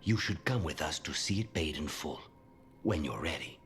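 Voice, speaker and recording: A brooding male companion from a fantasy video game, with an extremely deep voice. He speaks quietly and in measured phrases, faint music behind him. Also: expressive. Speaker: game character.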